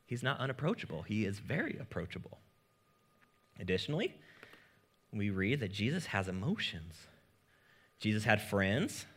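A man preaching a sermon as pastor, in a casual, joking manner with lively asides. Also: lowish voice, normal speed, long pauses.

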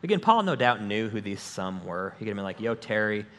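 A pastor with a fairly low voice preaches quickly into a stage microphone. His sermon is energetic and conversational, full of jokes shared with the congregation.

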